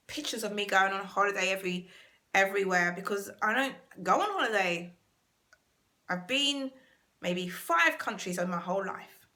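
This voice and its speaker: Bright-voiced earnest British woman. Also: mid-range voice. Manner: earnest, emphatic, repeats key words. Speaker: self-help channel host. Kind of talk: motivational talk to camera.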